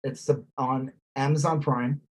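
A man's voice: mid-range voice, measured pace. Rambling, swearing male podcast co-host. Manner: rambling, animated, swears freely and mimics posh voices. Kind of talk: casual chat.

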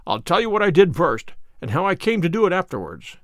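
A man reading the part of a sharp, wry, confident male detective in an audiobook, with a brisk, dry and self-assured delivery. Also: sits high, big pitch swings, dry recording.

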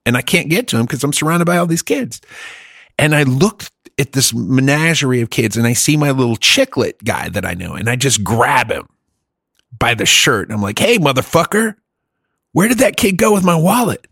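A man's voice: mid-range voice, normal speed, vocal fry, pushed and bright, slightly rough, dry recording, clean studio sound. A middle-aged man telling a long story in a casual chat, rambling, swearing and laughing often.

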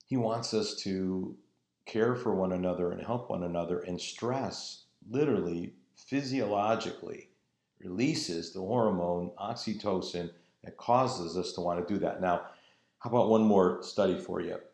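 A man's voice: sits low, moderate pace, darkish tone. A man preaching a sermon in an earnest, emphatic way, drawing out his phrases. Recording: roomy echo.

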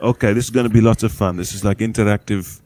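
A man's voice: on the low side, fairly even intonation, fast talker, a little mellow, slight background noise. Folksy, chatty man explaining crypto. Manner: chatty, folksy, often checks in with "okay?". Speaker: cryptocurrency guest expert. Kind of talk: casual explanatory podcast talk. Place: podcast recording with a small group.

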